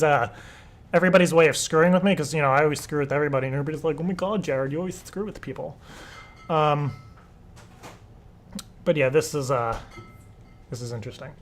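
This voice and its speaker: A young man hosting a live stream, talking casually and nervously, swearing and laughing often. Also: on the high side. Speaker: live show host.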